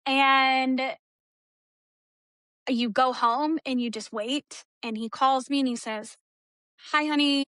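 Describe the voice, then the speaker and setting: Female interview guest from Texas, high and bright, retells a hard personal story and voices the other people in it. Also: fairly even intonation, slow, pauses often, smooth, dry recording. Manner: storytelling, acts out quoted dialogue. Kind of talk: emotional personal account.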